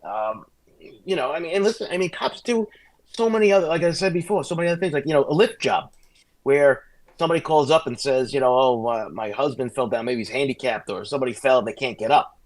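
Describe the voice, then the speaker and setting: A middle-aged man speaks quickly, full of restarts and asides. He tells old police stories in a casual podcast chat at an even, middling pitch. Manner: fast, animated anecdotes with restarts. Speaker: guest, former police sergeant.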